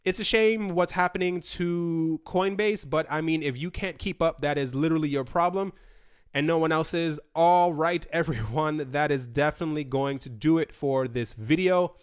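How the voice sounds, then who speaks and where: A man's voice: on the high side, moderate pace, smooth. A man hosting a crypto news video, talking casually and rambling with many fillers and restarts. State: running out of breath. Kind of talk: casual solo commentary.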